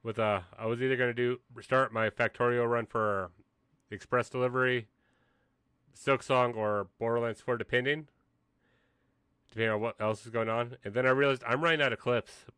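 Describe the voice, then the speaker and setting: A man's voice: mid-range voice, fairly even intonation, normal speed, a bit bright, clear, resonant tone, no room sound, studio quality. A man streaming a game, talking in a hesitant, rambling way with lots of fillers. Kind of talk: casual livestream chat.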